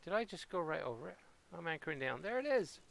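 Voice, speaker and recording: This man hails from Portsmouth, England, and his local accent colors the playful, self-mocking, rambling commentary he gives while streaming a game at home. His voice is fairly high, a bit bright and gravelly, moving quickly in a sing-song way.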